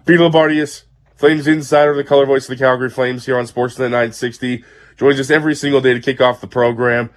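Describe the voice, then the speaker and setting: A man with an even, mid-range voice hosts a sports radio show. His sound is a little muffled, and his patter stays friendly and brisk between interviews and promos. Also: mid-range voice.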